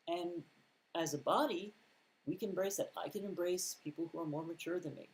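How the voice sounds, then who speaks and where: In a casual, conversational Bible teaching, a man reads scripture aloud and then comments on it plainly, tossing in mild sarcastic asides. His voice is a little high and a little fast, and the audio quality is poor.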